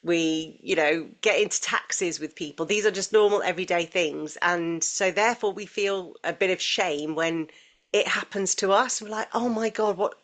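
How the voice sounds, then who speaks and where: A woman's voice: lowish voice, normal speed, fairly bright tone. A woman co-hosting a podcast in casual, earnest conversation, often restarting phrases and acting out quoted voices. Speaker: podcast co-host.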